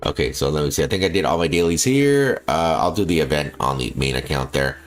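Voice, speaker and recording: Man, extremely low bassy voice, lively swings in pitch, rambling streamer chat, faint game music behind. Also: quick pace. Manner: rambling, filler-heavy, restarts often, laughs easily. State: feels like coughing. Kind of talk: casual live-stream chat while gaming.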